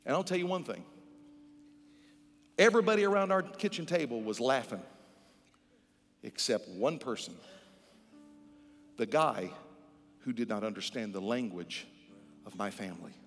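A man in his sixties preaching a sermon, telling folksy stories and building to loud, emphatic exhortation. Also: mid-range voice, expressive, moderate pace, long pauses, big-room sound, soft background music. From Netherlands.

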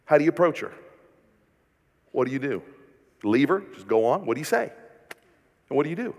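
A pastor preaching a sermon, firing rhetorical questions at the congregation and swinging between loud emphasis and hushed, tender passages. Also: male voice, medium pitch, very animated, brisk, in a large hall.

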